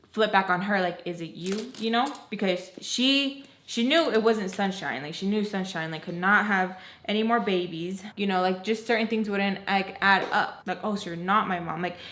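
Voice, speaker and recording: A woman's voice: medium pitch, a little hiss or hum. A young woman vlogger telling a personal story in a casual, chatty way, full of "like" and "you guys", acting out bits of dialogue. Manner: expressive, retelling scenes with quoted dialogue. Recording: roomy echo.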